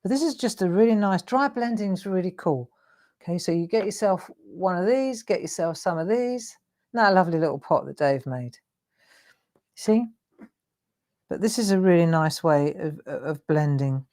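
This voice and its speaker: A woman with a fairly low voice leads a relaxed drawing tutorial. She talks chattily as she works, with a self-deprecating humour. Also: normal speed. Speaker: craft demonstrator hosting a live stream.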